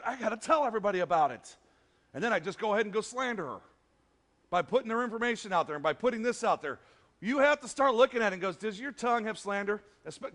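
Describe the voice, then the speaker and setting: Animated pastor preaching in a reverberant church. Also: male voice, high-pitched. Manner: animated, acts out quotes, jokes with the congregation. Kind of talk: sermon. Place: church sanctuary. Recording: long hall reverb.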